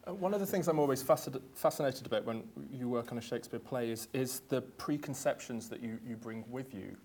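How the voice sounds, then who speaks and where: A man chairing a theatre panel before an audience, speaking politely with many pauses and fillers. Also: mid-range voice, a little mellow. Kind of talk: hosting a stage talk.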